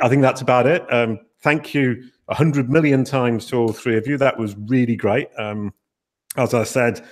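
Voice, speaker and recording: A man hosting a webinar over a video call, chatty and self-deprecating, often restarting his sentences. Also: on the low side. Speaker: webinar host. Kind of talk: casual webinar moderating.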